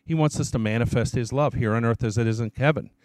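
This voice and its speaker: A man's voice: mid-range voice, fast talker, a little mellow, no room sound. A man, a church elder, preaching his testimony as an emphatic storyteller who repeats his key phrases.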